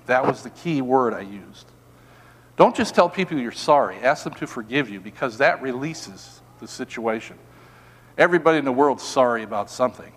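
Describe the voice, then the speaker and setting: An older man preaching a sermon, telling personal stories in an animated, self-mocking, humorous way. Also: mid-range voice, moderate pace, long reverb tail, a little hiss or hum. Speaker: pastor.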